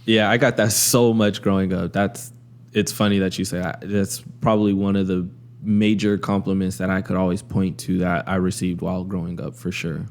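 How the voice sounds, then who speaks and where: A male podcast host speaks in a low, quite flat voice. He sounds engaged and affirming, and he relates his own experience to his guest in easy conversation. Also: moderate pace. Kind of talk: conversational interview.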